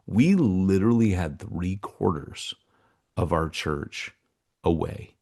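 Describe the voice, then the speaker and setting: A man's voice: sits low, slow, creaky. A man co-hosting a podcast, telling stories in casual, slangy chat with lots of asides. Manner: animated storyteller, slangy, fond of asides. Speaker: podcast co-host.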